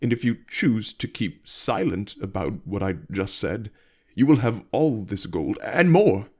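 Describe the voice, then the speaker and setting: Man playing a cowardly fat merchant, stammering, begging, pitched up, loud, storybook reading. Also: lively intonation, unhurried. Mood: relieved. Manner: pleading, stammering, high and loud.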